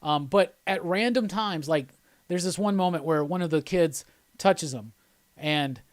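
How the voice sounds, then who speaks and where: A man's voice: a little high, unhurried, dry recording, studio quality. Laid-back man hosting a live stream. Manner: loose, rambling, jokey, reads out viewer chat. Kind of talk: casual live-stream chat.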